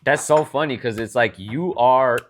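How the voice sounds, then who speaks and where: A man's voice: mid-range voice, normal speed, slight background noise. A young man co-hosting a podcast, chatting casually with his sister and teasing her while telling stories. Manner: teasing, animated storytelling, quotes people in put-on voices. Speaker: podcast co-host. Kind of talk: casual chat.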